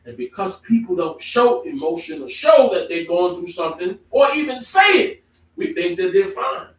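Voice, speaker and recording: A man preaching a sermon to a congregation, emphatic, moving from calm explaining to loud exclamations. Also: sits high, moderate pace, a little hiss or hum. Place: congregation hall. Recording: echoey room, from far off.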